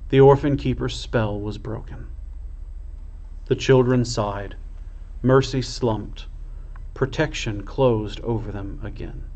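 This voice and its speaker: A man, a priest, reading a children's storybook aloud in a slow, expressive way. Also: mid-range voice, lo-fi sound.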